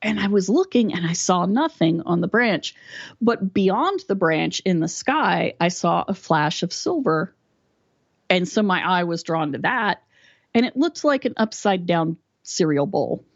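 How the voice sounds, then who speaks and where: A woman from West Virginia, appearing as a podcast guest in a casual interview, tells a story animatedly and acts out the quoted dialogue with energy. Her voice is on the low side and unhurried, with vocal fry. There's no echo, and the highs are cut off.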